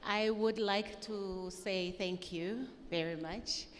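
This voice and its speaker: A woman's voice: mid-range voice, steady tone, slow pace, in a large hall, background noise. A woman giving fond closing remarks at a book launch, reminiscing about the past. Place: live event hall.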